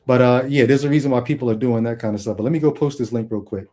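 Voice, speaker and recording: A man's voice: mid-range voice, rapid-fire. A man hosting a call-in livestream, talking straight to the chat and telling stories with acted-out quotes. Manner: animated storytelling, acts out quoted voices; talks to the chat directly. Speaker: call-in show host. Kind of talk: livestream monologue.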